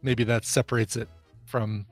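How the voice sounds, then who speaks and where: A man's voice: medium pitch, flat delivery, normal speed, soft background music. A man co-hosting a podcast, reading listener questions and adding dry jokes in casual chat. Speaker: podcast co-host.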